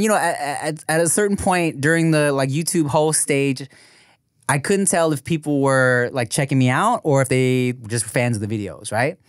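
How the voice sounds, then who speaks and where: A man's voice: fairly high pitch, clean tone, no room sound, studio quality. A male podcast co-host in casual chat, rambling with lots of fillers and giggles.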